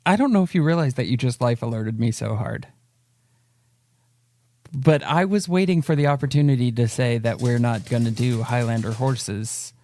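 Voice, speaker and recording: A man's voice: mid-range voice, moderate pace, warm tone, dry recording. A man co-hosting a podcast, joking and rambling in casual chat. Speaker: podcast co-host.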